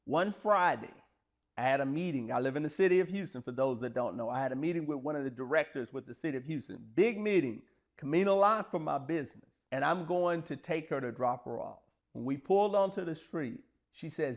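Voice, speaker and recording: A man's voice: fairly high pitch, fairly quick, lo-fi sound. A man, telling personal stories in an earnest, plain-spoken, conversational way to motivate listeners. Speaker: speaker sharing personal stories. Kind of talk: motivational storytelling monologue.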